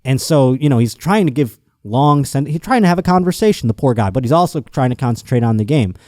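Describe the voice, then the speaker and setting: A man hosting a podcast, telling a story in a casual, animated and profane comic monologue. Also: mid-range voice, fast talker, dry recording, clean studio sound. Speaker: podcast host.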